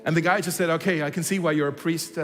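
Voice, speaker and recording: A man's voice: on the high side, fairly even intonation, quick pace, a bit bright, long reverb tail, faint music behind. A man preaching a sermon, telling a story and acting out its dialogue, with frequent restarts. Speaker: pastor. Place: church hall.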